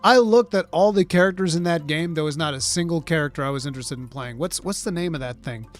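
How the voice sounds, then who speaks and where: A man hosts a live gaming talk show with blunt, rambling and profane opinions. His voice sits a bit high for a man, and soft music plays in the background. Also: fast talker. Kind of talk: casual gaming commentary.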